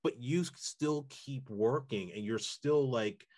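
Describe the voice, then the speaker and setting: A man's voice: medium pitch, takes it slowly, a little mellow. A man hosting an interview, speaking in a casual, rambling way with lots of filler words. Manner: rambling, full of "you know" and "like" fillers. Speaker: interviewer, host.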